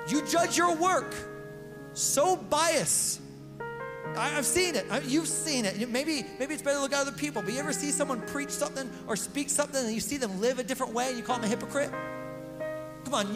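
A male pastor giving a casual, conversational sermon. He is slangy and emphatic, repeats phrases and stumbles over words. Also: extremely high pitch. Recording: long hall reverb with music underneath.

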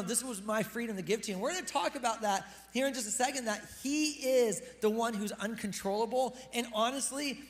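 High-voiced man preaching casually in a hall. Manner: casual, chatty, addressing the congregation directly. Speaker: pastor. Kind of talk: sermon. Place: church hall with a live congregation.

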